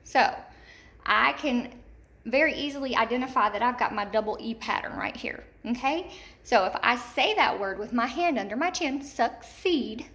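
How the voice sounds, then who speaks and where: A woman teaching a third grade word study lesson, enunciating slowly and repeating example words for young children. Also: fairly high pitch, expressive, fairly bright tone. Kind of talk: recorded remote lesson.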